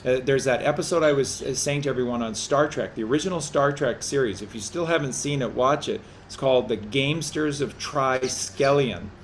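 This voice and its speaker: A man's voice: mid-range voice, fairly quick, few pauses, slight background noise. A man co-hosting a community call-in chat, rambling and often restarting and repeating his words. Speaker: co-host.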